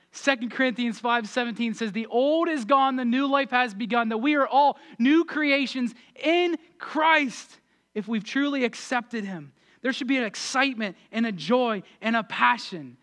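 A man preaching a sermon as pastor, energetic and animated, swinging between loud excited passages and quiet asides. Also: extremely high pitch.

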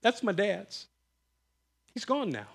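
A man's voice: high voice, takes it slowly, gravelly. A middle-aged man preaching a sermon, telling family stories and acting out the voices in them. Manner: animated, acts out quoted voices, breaks into laughter. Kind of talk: sermon storytelling.

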